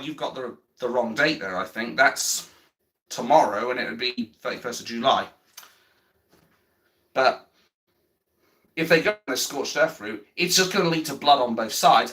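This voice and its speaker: A mid-range, pushed and bright male voice drives a blunt political rant on a livestream. He curses heavily, circles back to the same points, and stops to respond to what viewers write in chat.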